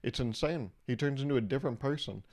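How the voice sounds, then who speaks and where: A young man hosting a podcast, telling comedic stories in a casual way and acting out quotes in a raised, animated voice. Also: mid-range voice, fast talker. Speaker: podcast host.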